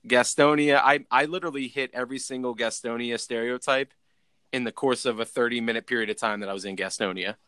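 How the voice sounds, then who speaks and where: A man's voice: mid-range voice, fairly even intonation, fast talker, sharp tone, clean tone, no room sound. A young man casually telling a rambling story, full of "like" and restarts. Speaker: podcast co-host.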